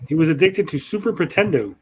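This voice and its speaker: A man's voice: fairly high pitch, lively intonation, fast, breathy edge. A man hosting a casual panel chat about games, rambling with lots of fillers and the odd swear. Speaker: podcast host.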